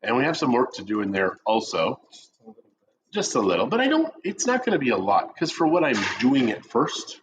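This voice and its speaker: A middle-aged man in a relaxed coffee chat, spinning jokey stories with a voice that swoops up and down. His pitch sits in the middle of the range. The stream audio sounds dull and lo-fi. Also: moderate pace, noisy background. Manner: joking, animated storyteller. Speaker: co-host of a real estate chat show.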